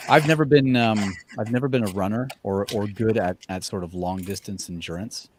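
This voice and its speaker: A man's voice: fairly low pitch, a little fast, noisy background. A man chatting as a guest, speaking thoughtfully and often restarting his sentences. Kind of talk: casual chat.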